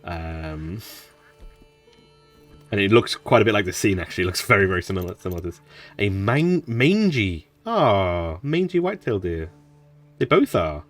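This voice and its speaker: A man's voice: low-pitched, very animated, moderate pace, pauses often, far from the mic, faint music behind. A man casually commenting on his playthrough as a gaming streamer, chatty with mumbled asides. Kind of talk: casual let's-play commentary.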